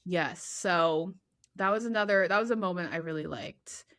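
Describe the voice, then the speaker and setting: A woman co-hosting a podcast, retelling a TV drama in a lively casual chat, laughing often and acting out characters' lines. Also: fairly low pitch, normal speed. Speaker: podcast co-host.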